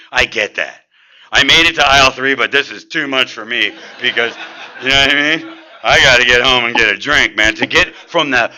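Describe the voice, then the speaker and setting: A middle-aged man speaking at a recovery meeting, telling his own story in an animated, street-casual way. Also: medium pitch, rough recording. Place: meeting room.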